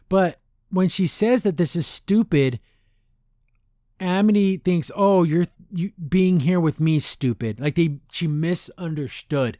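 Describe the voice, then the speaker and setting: A man's voice: fairly high pitch, a little slow, darkish tone, no echo, studio quality. A man hosting a podcast and reviewing a cartoon episode in a casual, rambling way, often acting out characters' lines in exaggerated voices. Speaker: podcast host.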